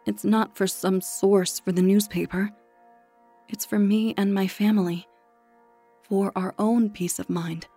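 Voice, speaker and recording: Woman reading as a grief-stricken young woman, urgent and pushy, low husky tone. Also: fairly even intonation, unhurried, dark tone, faint music behind. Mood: insistent. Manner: urgent and pressing. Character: grieving, insistent young woman pleading for help.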